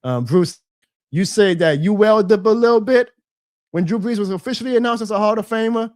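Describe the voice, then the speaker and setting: A young man hosting a casual live fan show, excitable and reading chat comments aloud. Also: sits high, fairly quick, no room sound, studio quality.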